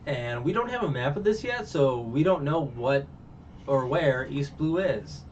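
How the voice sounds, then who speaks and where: A man's voice: mid-range voice, lively intonation, a little slow. A man casually recapping a show as a reviewer, rambling with many fillers and restarts. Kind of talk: casual chat. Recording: muffled distant mic, faint background noise.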